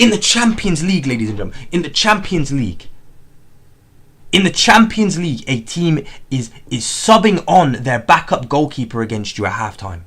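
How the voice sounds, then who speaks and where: A young man hosting a live football watchalong, excitable and repetitive, swinging from outraged exclamations to low muttering. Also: normal speed. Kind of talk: live match watchalong commentary.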